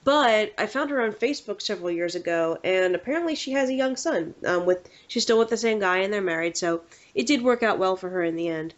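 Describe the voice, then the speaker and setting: A woman hosting a podcast, telling rambling, animated stories in casual chat. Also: mid-range voice. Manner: animated, rambling, quick to slip into quoted voices. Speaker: podcast host. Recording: dull lo-fi podcast audio.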